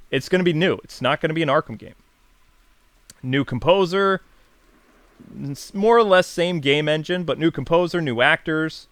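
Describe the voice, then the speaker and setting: A YouTube host with a medium-pitched, fairly bright, clear, and resonant voice chats enthusiastically on his casual channel, answering viewer questions. He uses frequent fillers and self-corrections, and the recording is dry.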